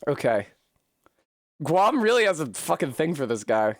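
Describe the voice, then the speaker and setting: A woman game streamer chatting to her viewers in loose, profane, rambling commentary. Her pitch swings widely, jumping into high yelps and shrieks when she fails. The sound is dry and close, with no room around it. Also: sing-song, brisk, no room sound. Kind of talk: casual live-stream commentary while gaming.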